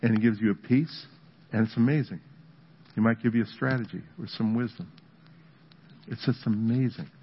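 A man's voice: medium pitch, fairly even intonation, moderate pace, pauses often, slight background noise. A man, a pastor, preaching and praying aloud in a church service, in an earnest, conversational way. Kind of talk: sermon with prayer ministry. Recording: dull lo-fi audio with music behind.

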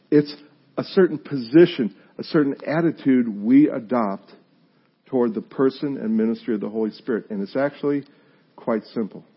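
A man preaching a conversational sermon as pastor, animated and joking, acting out what his listeners might say. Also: fairly high pitch, slightly rough, dull audio. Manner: animated, acts out listeners' reactions, self-deprecating humor.

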